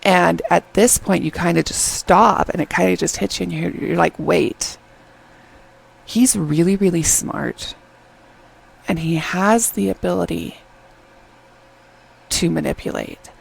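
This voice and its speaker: A woman's voice: fairly low pitch, unhurried, vocal fry, husky, poor audio. A middle-aged woman reviewing a drama in casual chat, retelling scenes and quoting the characters.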